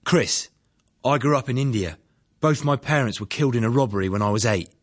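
A man's voice: medium pitch, a little fast, lightly acted. A man voicing Ron, a dismissive, smirking older British man who talks curtly. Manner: curt, dismissive.

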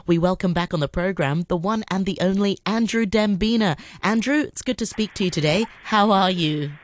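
A woman hosting a radio show, chatting with a guest in a friendly, halting way with small restarts. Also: mid-range voice, slight background noise. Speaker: radio host. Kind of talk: radio chat.

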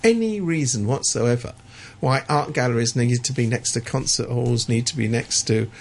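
A Hong Kong resident with a gravelly, mid-range male voice speaks at a moderate pace. He offers opinionated political commentary, sardonic and emphatic, restarting himself many times.

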